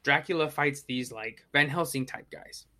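Podcast co-host, casual review chat; animated and profane, bright tone, mid pitch. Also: normal speed. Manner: animated, swears, acts out own reactions.

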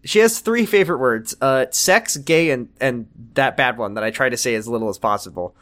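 A man in casual podcast chat recaps a TV episode with his co-host. He jokes his way through the plot and slips into mock voices to quote the characters. His voice sits at an ordinary middle pitch. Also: brisk, fairly bright tone. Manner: jokey, quoting characters in put-on voices.

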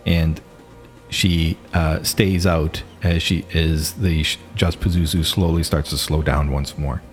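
Deep-voiced man as game master, narrating with hesitant pauses. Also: steady tone, soft background music. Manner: hesitant, many fillers.

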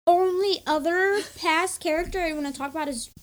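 A woman's voice: very high-pitched, fairly quick. A young woman co-hosting a book podcast, chatting casually and acting out her own reactions as she recaps the plot. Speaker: podcast co-host.

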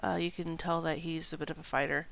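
A woman's voice: low-pitched, level tone, fast talker, gravelly, fairly bright tone. A woman narrating as dungeon master of a tabletop game, giggly and rambling, often correcting herself.

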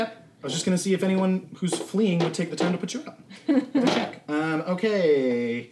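Guy running a tabletop game, laid back, lots of ums, echoey room w/ a little hiss. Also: medium pitch. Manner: relaxed, casual, lots of fillers. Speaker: game master. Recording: echoey room with faint noise.

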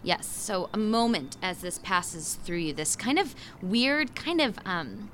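A woman's voice: medium pitch, big pitch swings, measured pace, a bit bright, a little hiss or hum. A woman running a tabletop game as game master, narrating vividly and loosely with fillers.

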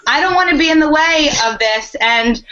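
A woman co-hosting an interview, telling candid, animated stories. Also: sits high, normal speed, very noisy. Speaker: co-host. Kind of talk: conversational storytelling. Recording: dull lo-fi recording.

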